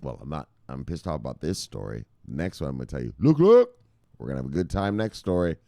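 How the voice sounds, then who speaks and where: A man hosting a crypto news show, ranting with heavy swearing, jumping between loud outbursts and low mutters. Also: animated, fast, vocal fry, no room sound, studio quality. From United States. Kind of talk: profane animated ranting commentary.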